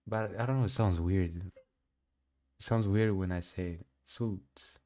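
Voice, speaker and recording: A man's voice: low voice, measured pace, warm tone. A young man who speaks English as a second language, giving casual, slangy commentary while trading live. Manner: casual and slangy, often says "bro"; non-native English speaker. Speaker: day trader streaming live.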